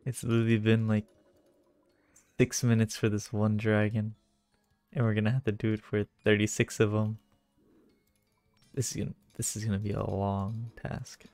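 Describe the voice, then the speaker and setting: A man chatting casually through his own gameplay, self-mocking and quick to get excited. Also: on the low side, no room sound, soft background music. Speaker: gaming video creator. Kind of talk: casual game commentary.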